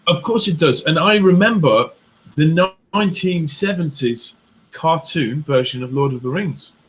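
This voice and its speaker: A man's voice: on the high side, expressive, unhurried, fairly bright tone, poor audio. A middle-aged man co-hosting a casual chat show, recalling things at a hesitant pace full of ums. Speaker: podcast co-host.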